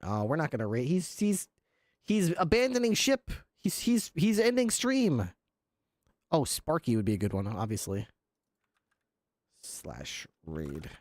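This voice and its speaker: A man's voice: on the high side, huge pitch swings, measured pace, long pauses, a little mellow, no room sound, clean studio sound. A man livestreaming, chatting casually with his viewers, laughing often and swearing. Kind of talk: casual chat with stream viewers.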